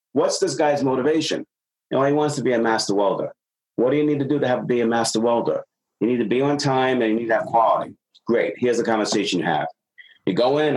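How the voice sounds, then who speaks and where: Man, business consultant, casual advice talk, animated storytelling. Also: mid-range voice, low-quality recording. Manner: animated storyteller acting out dialogue.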